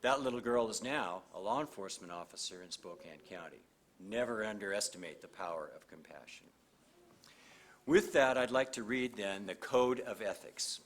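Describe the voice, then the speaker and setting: An older man, a district judge from Montana, giving a measured, earnest speech at a graduation ceremony and reading an oath at a podium microphone. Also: lowish voice, fairly bright tone. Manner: measured, earnest, with pauses and fillers.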